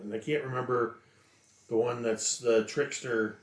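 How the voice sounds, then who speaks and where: A man describes his character's actions in a tabletop game with playful energy. His voice has an ordinary pitch. The room around him is echoey. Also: fairly even intonation, unhurried. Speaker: player. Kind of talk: tabletop game play over a call.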